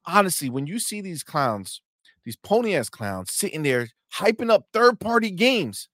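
A young adult man co-hosting a gaming livestream, animated and profane, trash-talking rival fans and reading viewer chat aloud. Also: sits high, unhurried, no room sound, clean studio sound. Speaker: co-host of a gaming talk stream. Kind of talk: casual livestream banter.

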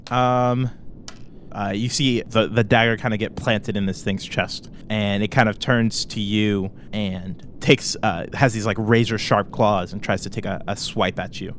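A man's voice: lowish voice, steady tone, measured pace, a little hiss or hum. A man narrating as game master in a tabletop game, with a hesitant manner full of fillers and hedges.

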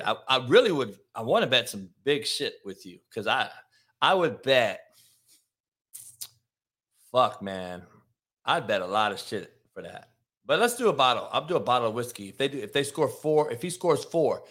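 A man's voice: medium pitch, fairly bright tone. A man hosting a solo sports talk show, ranting in a brash, profane, combative way and talking to his live chat viewers. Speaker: show host.

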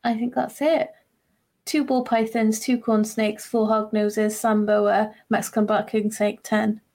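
A woman's voice: mid-range voice, level tone, a little slow, darkish tone. A woman co-hosting a podcast, telling a story in enthusiastic casual chat with fillers. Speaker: podcast co-host.

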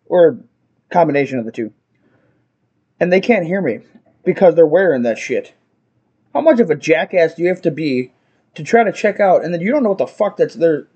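A man hosting a podcast, venting about customers in a profane, ranting monologue that swings up into shouting. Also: fairly high pitch, breathy edge, highs cut off. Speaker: podcast host.

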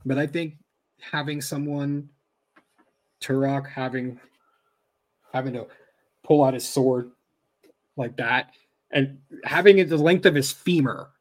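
A man's voice: mid-range voice, takes it slowly, pauses often. A man co-hosting a podcast in casual chat, thinking aloud with frequent restarts. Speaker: podcast co-host.

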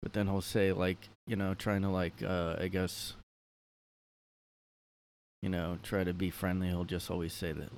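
A man's voice: low voice, little pitch movement, a little slow, long pauses, a little hiss or hum. A man hosting a casual solo podcast from his room, rambling with lots of fillers and a sardonic edge. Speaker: podcast host.

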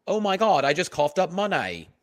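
Man, podcast co-host, riffing jokes, higher voice, lively swings in pitch. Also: normal speed. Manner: jokey, riffing, laughs easily. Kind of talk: casual comedy banter.

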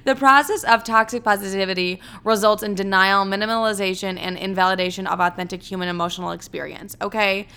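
Woman podcaster, clear smooth tone, loose profane chat. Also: medium pitch, little pitch movement, quick pace, hardly any pauses, sharp tone. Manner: candid, profane, rambling. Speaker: podcast host. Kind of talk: casual solo podcast chat.

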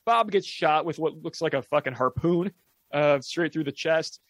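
A man co-hosting a podcast, recapping a horror movie plot in a relaxed, profane storytelling way. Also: on the high side, normal speed, no room sound. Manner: relaxed storytelling, swears casually. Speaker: podcast co-host. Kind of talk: casual movie recap chat.

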